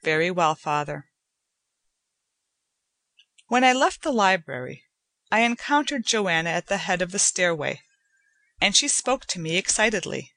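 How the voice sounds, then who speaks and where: A woman narrating a short story as an audiobook reader, in an even, unhurried way. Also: medium pitch, no room sound.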